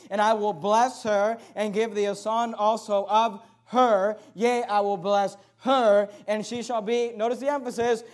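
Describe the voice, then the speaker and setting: A man preaching a sermon, reading scripture aloud and stressing key words by slowing down. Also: high voice. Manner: emphatic, repetitive preaching, slows to stress words.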